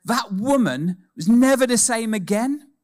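A man preaching a sermon in a church, telling a personal story with animated delivery that moves between hushed and emphatic moments. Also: extremely high pitch, a little slow.

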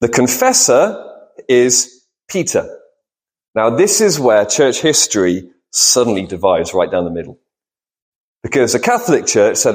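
A man gives a sermon in a church, with a voice of ordinary middle pitch. He talks in a relaxed, conversational way, often putting questions to his listeners and answering them himself. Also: a little slow. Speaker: preacher. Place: church hall with congregation.

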